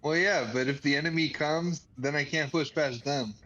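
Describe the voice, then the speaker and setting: A man's voice: fairly high pitch, moderate pace, sharp tone, dull audio. A man playing in a tabletop game, blunt and joking. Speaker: player. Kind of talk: casual tabletop play.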